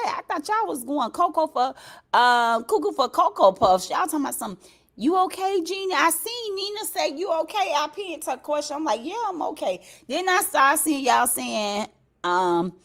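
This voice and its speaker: A high-pitched woman hosts a live stream from her home. She chats straight to her viewers, breaking into laughter and swearing without a second thought. Her voice comes through a computer mic. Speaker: livestream commentary host. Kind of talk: casual live commentary to chat. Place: at home, upstairs. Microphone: computer mic on a livestream.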